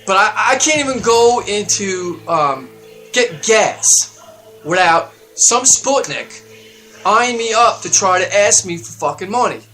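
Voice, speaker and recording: A man delivering a heated, profane talk-radio rant, getting louder and higher as he stresses his points. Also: animated, a little slow, soft background music. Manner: heated, profane, emphatic ranting that climbs in pitch and volume. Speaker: radio show segment contributor. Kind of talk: ranting talk-radio monologue. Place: radio studio.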